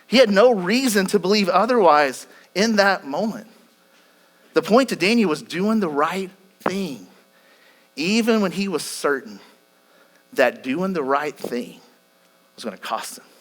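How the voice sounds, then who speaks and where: A man's voice: sits high, lively intonation, unhurried, long pauses. A male pastor preaching a sermon, retelling a scripture story earnestly, with frequent repetitions and restarts.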